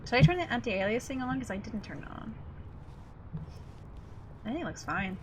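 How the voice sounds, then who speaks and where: A woman's voice: on the high side, big pitch swings, moderate pace, darkish tone, a little hiss or hum. A young woman streaming a game from home, chatting casually, giggling and swearing freely as she plays. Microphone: desk mic.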